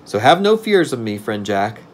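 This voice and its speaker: A man's voice: fairly low pitch, big pitch swings, normal speed. A man reading aloud and voicing a polite, meek young boy with an earnest manner.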